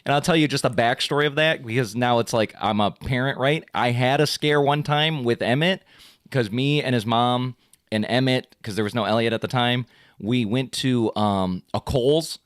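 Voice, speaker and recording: A man's voice: moderate pace, dry recording, studio quality. A man in his thirties hosting a podcast, telling stories in casual chat and acting out quoted lines in a raised voice. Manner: animated storyteller, acts out quotes in a high voice. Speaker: podcast host.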